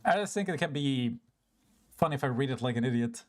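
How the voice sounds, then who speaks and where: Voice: medium pitch, expressive, fairly quick. Chatty, self-mocking game streamer. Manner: breaks into laughter often. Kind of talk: casual live-stream commentary over gameplay.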